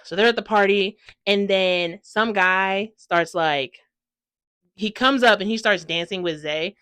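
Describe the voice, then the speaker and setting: A young woman giving a casual, chatty book review, gushing and rambling excitedly, sprinkling in "like" and swearing freely, sounding tired. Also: medium pitch, a little slow, clear, resonant tone, no room sound. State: tired from no sleep.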